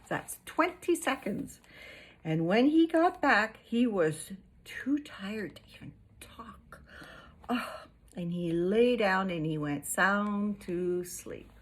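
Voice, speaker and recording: A woman reading a children's picture book aloud, slow and unhurried, with a soft breathy voice. She swoops up and down in pitch, playful and animated, speaking straight to her young listeners. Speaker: storyteller.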